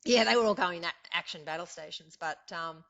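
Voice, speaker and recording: An older Australian woman with a fairly low, gravelly voice and a fairly bright tone speaks briskly as a guest in a casual storytelling interview. She is chatty and rambling, with fillers and frequent laughter, and the audio is dull and lo-fi.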